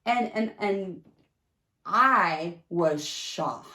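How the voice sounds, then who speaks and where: Animated woman telling a story. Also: very slow, roomy sound. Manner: animated, jumps into high pitch acting out quotes. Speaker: podcast host telling a personal story. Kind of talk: casual storytelling.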